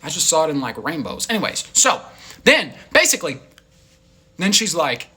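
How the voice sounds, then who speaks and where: Brief: young male vlogger, casual and rambling, lively swooping pitch. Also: normal speed, breathy edge. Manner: rambling and animated, full of "like". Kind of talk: casual storytelling.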